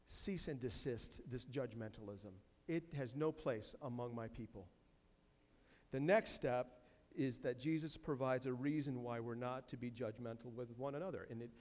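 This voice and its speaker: A man's voice: mid-range voice, darkish tone, big-room sound. A man preaching a sermon as pastor, emphatic, repeating key phrases and quoting scripture from a church sanctuary.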